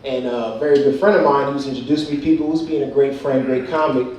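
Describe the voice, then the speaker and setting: A stand-up comic with a New Jersey accent does a laid-back set in a comedy club with an audience, chuckling between lines. His medium-pitched, darkish voice is fast with fairly even intonation, and the echoey club is recorded from far off with a little hiss or hum.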